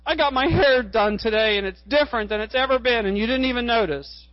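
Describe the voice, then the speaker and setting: A woman's voice: on the high side, a little fast, no echo, pitched above the performer's own voice, close to an everyday voice. A man voicing a hurt, tearful wife. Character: upset wife, hurt her new hairdo went unnoticed. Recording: dull lo-fi recording.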